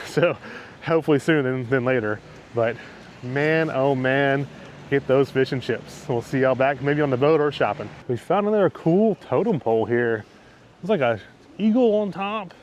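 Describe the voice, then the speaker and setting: A man's voice: medium pitch, a little mellow, slight background noise. A man hosting a travel vlog, talking in a chatty, enthusiastic way while walking around outdoors on a town wharf. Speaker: travel vlogger. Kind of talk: casual vlog narration.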